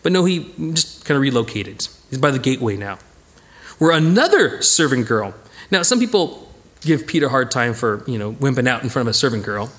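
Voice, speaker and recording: A man teaching a casual Bible study, who talks in a lively way and acts out the people in the story. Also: medium pitch, fairly quick. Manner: animated, acts out voices of the characters.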